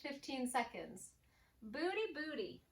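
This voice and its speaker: Breathy woman coaching a workout. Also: high voice, sing-song, slow. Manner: upbeat, counts down reps, cues form. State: slightly out of breath. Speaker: fitness instructor. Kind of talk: workout coaching while exercising. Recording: echoey room, distant mic, faint noise.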